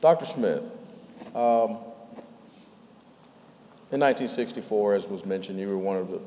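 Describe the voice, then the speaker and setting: Panel moderator, man, low mellow voice, polite, echoey hall. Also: normal speed, slight background noise. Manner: polite, asks questions, brief friendly laughs. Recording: roomy hall, distant from mic.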